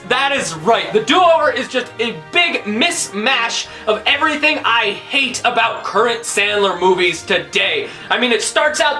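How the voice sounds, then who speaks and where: A woman's voice: fairly high pitch, sharp tone. A woman movie reviewer ranting through a countdown of bad films, exasperated and profane.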